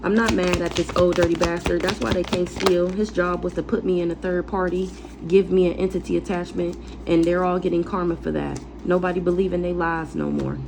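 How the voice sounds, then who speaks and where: A woman's voice: lowish voice, brisk, few pauses, background noise. A woman tarot reader ranting casually, blunt, defiant and profane, repeating phrases for emphasis.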